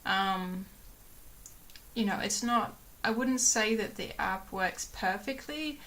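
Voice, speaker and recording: A woman's voice: medium pitch, slow, a bit bright. A young woman chatting casually to her viewers, rambling with many fillers and restarts and laughing often. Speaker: vlogger. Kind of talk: casual chat to camera.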